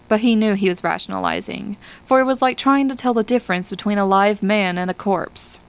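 Woman, audiobook reader, scripted narration, measured, gravelly voice. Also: medium pitch.

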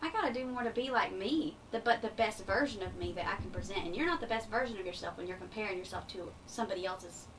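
A woman's voice: mid-range voice, a bit bright. A young woman with a light Eastern Kentucky accent, speaking earnestly and upbeat as a radio interview guest. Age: young adult. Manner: earnest, upbeat, quick to laugh. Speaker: pageant titleholder guest. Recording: distant mic with faint background noise.

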